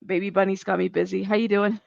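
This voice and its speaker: A woman's voice: mid-range voice, flat delivery, fast talker, vocal fry, a little mellow, dry recording. Earnest woman guest on a dull call line. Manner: earnest, explaining with many fillers. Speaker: social worker guest. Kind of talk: casual call-in conversation. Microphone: remote call audio, not on camera.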